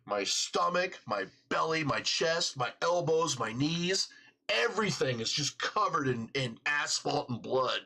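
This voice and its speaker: Casual host storyteller, male, husky and bright-toned, lively and laughing. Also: on the high side, measured pace. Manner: animated, laughing storyteller, swearing freely.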